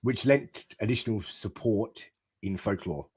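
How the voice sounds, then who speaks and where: A man co-hosting a podcast, reading a text aloud haltingly in casual chat. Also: fairly low pitch, a little mellow, breathy edge. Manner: reads text aloud haltingly, stumbling over words. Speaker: podcast co-host.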